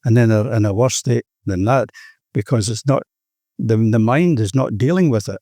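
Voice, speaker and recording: A man's voice: medium pitch, moderate pace, dark tone, dry recording, clean studio sound. An older Australian man sharing his recovery story at a meeting, earnest and rambling, often saying "you know".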